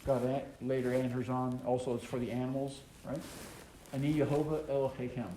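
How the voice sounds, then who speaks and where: A man leads a scripture study, reading each verse aloud before stopping to explain it, often pausing with an um or uh. His voice is mellow and warm. The recording carries a roomy echo with a faint hiss underneath. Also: mid-range voice, flat delivery. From American South. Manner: reads scripture aloud then explains it, with many ums and uhs. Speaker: Bible teacher. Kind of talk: Torah study teaching. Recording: echoey room with faint noise.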